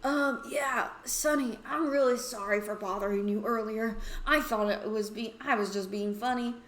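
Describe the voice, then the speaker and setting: A loud, giddy young boy from a story game, as a woman reads him out. He bursts out with high, eager words, and the recording has a roomy echo. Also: moderate pace, close to an everyday voice. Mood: sheepish. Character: excitable young boy classmate.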